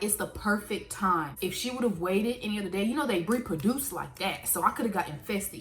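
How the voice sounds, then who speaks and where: A young woman telling a casual story to camera, animated, swearing freely and jumping between laughs and outrage. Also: mid-range voice. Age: young adult. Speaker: vlogger.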